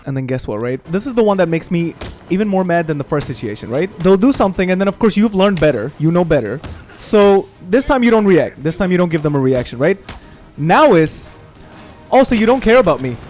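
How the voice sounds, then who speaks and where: A man's voice: sits high, a little fast, faint music behind. A man ranting with emphasis and plenty of profanity, giving commentary over gameplay. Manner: profane, animated, emphatic venting. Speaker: gaming streamer.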